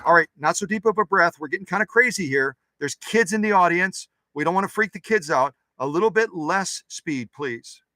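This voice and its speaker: Animated and moderate in pace, his high voice comes out bright and forceful with few pauses and no echo. The man hosts a sewing machine channel, running through stitch demos in his workshop in a chatty, joking way and talking to himself as he goes.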